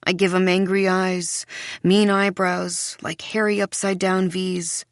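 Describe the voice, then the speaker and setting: Low-voiced woman narrating an audiobook. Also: level tone, dry recording, studio quality. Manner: measured storytelling. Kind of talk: first-person audiobook narration.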